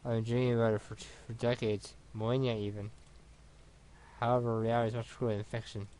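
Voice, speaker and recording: A man reads a visual novel aloud in an even, unhurried voice of middle pitch, now and then tripping over a word. It has the plain feel of a let's play recording.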